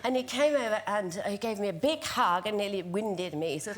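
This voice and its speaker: A woman's voice: medium pitch, sing-song, normal speed, few pauses, slight background noise. A woman, a chat show guest, telling a wry anecdote and acting out the quotes. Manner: wry storyteller who acts out quotes.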